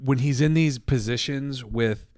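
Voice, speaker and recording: A man in casual podcast talk, loose and profane, rattling through movie scenes he liked and didn't. His voice sits at a middle pitch, and the sound is dry and close with no room around it. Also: darkish tone, no echo. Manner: loose, swearing, fast retellings of scenes. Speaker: podcast co-host. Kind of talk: casual film review chat.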